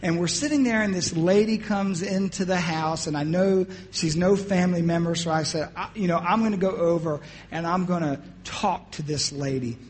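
Male preacher, high tenor, soft-spoken testimony, acts out the dialogue, faint hiss behind. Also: normal speed, hardly any pauses. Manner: storytelling, acting out dialogue, often dropping to a hushed voice. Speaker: pastor. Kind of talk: personal testimony in a sermon.

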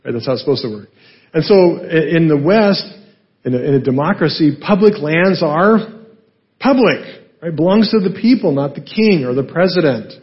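A male pastor teaching a Bible passage in a relaxed, conversational way, asking rhetorical questions and often adding "right?". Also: on the high side, moderate pace, highs cut off.

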